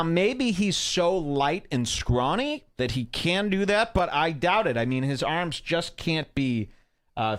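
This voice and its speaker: Male podcast host, medium pitch, sarcastic and mocking. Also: dry recording, clean studio sound. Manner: mocking, reads tweets aloud in sarcastic put-on tones. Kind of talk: casual comedic podcast commentary.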